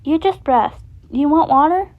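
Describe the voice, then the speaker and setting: A woman's voice: sits high, measured pace, narrow, tinny audio, voice pushed up. A woman voicing a friendly, bashful animatronic wolf girl. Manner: bashful, upbeat.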